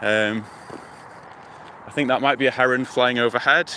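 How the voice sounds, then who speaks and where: Out on a morning walk, a UK man livestreams from a phone in his hand, rambling casually, thinking aloud and addressing viewers. He has a mid-range voice at normal speed. He's outdoors by a lake and river near a motorway, with traffic hum behind.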